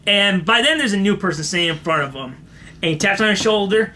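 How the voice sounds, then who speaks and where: Animated, bright-voiced podcast storyteller. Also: mid-range voice, fast talker, slight background noise. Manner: animated storyteller, laughs often. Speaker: podcast co-host. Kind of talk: casual comedy podcast chat.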